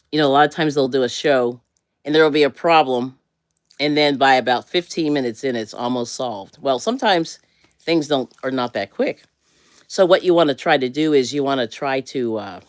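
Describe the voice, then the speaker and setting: A woman's voice: rumbling low, no room sound, studio quality. An American woman hosting a casual motivational livestream, rambling and self-correcting and laughing often. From USA. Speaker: livestream host.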